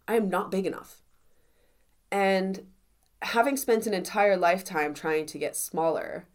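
A woman's voice: fairly low pitch, a little mellow. A young adult woman hosting a casual solo podcast as a confidence coach, chatty and encouraging, with lots of "like" fillers.

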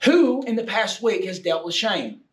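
A man preaching a sermon with passion, swinging from shouts down to near-whispers. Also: sits high, lively intonation, unhurried. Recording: echoey room, distant mic, faint noise.

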